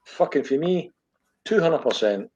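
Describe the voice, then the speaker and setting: A man's voice: on the high side, animated, measured pace, darkish tone. A middle-aged man with a Glasgow accent, hosting a podcast in blunt, sweary football chat and tagging his lines with "eh?". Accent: Scottish, Glaswegian. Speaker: podcast host. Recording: dull lo-fi audio.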